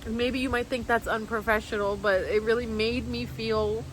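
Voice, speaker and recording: A woman speaks candidly to camera in a fairly high voice, circling back on herself with lots of "like" as she tells a heartfelt story. A faint hum of noise sits behind her. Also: steady tone, normal speed. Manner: rambling, heartfelt, heavy use of "like" and restarts. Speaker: vlogger.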